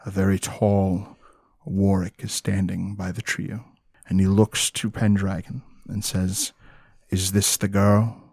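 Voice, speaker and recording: Low-voiced man narrating a tabletop game. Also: flat delivery, unhurried, vocal fry, warm tone, breathy edge, no room sound, studio quality. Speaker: game master.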